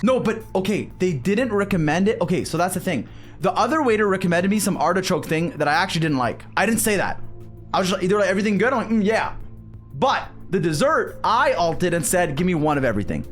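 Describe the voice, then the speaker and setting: Young male streamer, high lively voice, rambling and swearing, faint music behind. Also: brisk. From Canada. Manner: rambling, swearing, animated storytelling. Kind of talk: casual gaming stream chat.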